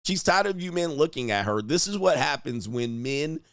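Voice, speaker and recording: A man hosting reaction commentary in a crude, mocking way. His pitch swings widely as he riffs, and the sound is close and dry, with no room at all. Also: normal speed, dry recording. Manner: profane, mocking, animated. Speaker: host.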